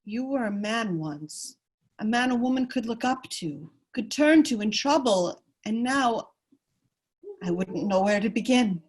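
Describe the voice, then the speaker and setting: A woman's voice: on the high side, animated, measured pace, slightly rough. A woman reading the part of a frustrated, disillusioned young noblewoman at a virtual table read of a radio play, earnest and exasperated. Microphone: video call.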